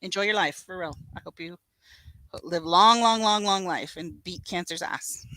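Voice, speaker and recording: A woman chatting on a livestream with a bright, sharp voice. She talks bluntly and swears freely as she answers comments. The sound is dry and close. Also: lowish voice, moderate pace, no echo, poor audio. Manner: blunt, profane, reads viewer comments. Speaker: livestream co-host. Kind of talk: casual livestream chat.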